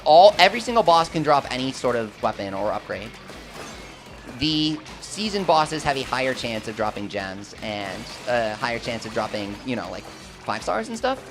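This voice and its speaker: A young man commentating live gameplay and chatting with his viewers, swinging between hype and quick explanations. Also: mid-range voice. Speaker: gaming streamer.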